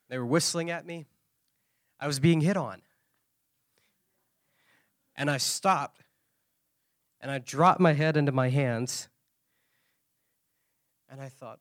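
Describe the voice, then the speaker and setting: A man preaching at a conference, telling a story with lively shifts of voice. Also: a little high, slow, pauses often, no room sound, studio quality. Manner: animated storyteller, acting out quoted voices. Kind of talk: sermon storytelling.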